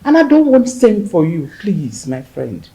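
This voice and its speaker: A woman's voice: very animated, measured pace, gravelly, full character voice, poor audio. A woman playing a consoling Nigerian widow. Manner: consoling, gentle and low. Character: older widowed woman comforting a grieving friend. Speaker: widowed friend offering comfort. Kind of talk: Nollywood film acting.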